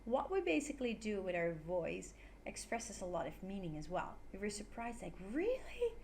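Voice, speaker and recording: A woman's voice: mid-range voice, animated, normal speed, slight background noise. Brief: playful female English teacher. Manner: playful, demonstrates intonation with exaggerated examples. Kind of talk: online English lesson.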